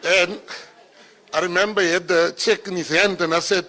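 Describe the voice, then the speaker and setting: A middle-aged South African man giving a speech, telling personal stories and acting out the dialogue, rising loud at the punchlines. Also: high voice, moderate pace. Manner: animated storyteller, acts out dialogue, gets loud at punchlines. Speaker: minister giving a keynote speech. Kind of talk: storytelling speech to an audience.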